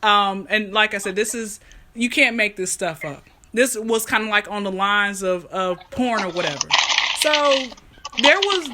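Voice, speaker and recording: A woman's voice: mid-range voice, noisy background. A woman hosting a podcast, chatting casually and telling stories in a rambling, chatty way over a remote call line. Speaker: podcast host.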